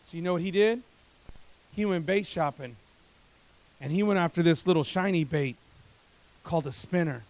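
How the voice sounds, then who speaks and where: A man preaching as a pastor, moving from hushed, confiding passages to loud, climbing exhortations. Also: fairly high pitch, moderate pace, creaky, pauses often. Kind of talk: sermon.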